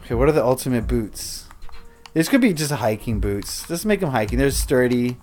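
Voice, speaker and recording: A man's voice: mid-range voice, very animated, brisk, darkish tone. A man livestreaming a building game, chatting casually with viewers in a rambling, self-interrupting way. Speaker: streamer.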